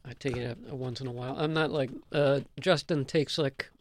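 A man's voice: mid-range voice, steady tone, fairly quick. A man, a podcast crew member, speaking hesitantly and unsure of himself. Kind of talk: casual chat.

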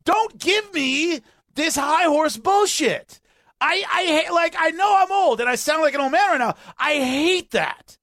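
High-voiced ranting sports radio man. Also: unhurried, no room sound, clean studio sound. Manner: animated, ranting, exasperated. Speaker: sports talk radio host. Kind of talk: casual sports talk.

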